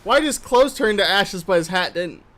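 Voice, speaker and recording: Bright high-voiced teasing gamer guy. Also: animated. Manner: teasing, quick comebacks, puzzled questions. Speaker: streamer. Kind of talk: casual gaming chat.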